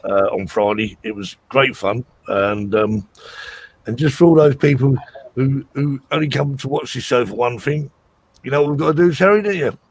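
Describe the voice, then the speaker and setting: A man's voice: mid-range voice, moderate pace, a little hiss or hum. A man co-hosting a live show, speaking in a friendly, chatty way. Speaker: co-host.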